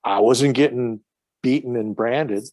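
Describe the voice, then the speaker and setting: A man's voice: medium pitch, measured pace, darkish tone, no echo. A man telling stories as a podcast guest in casual chat, profane and rambling with many restarts.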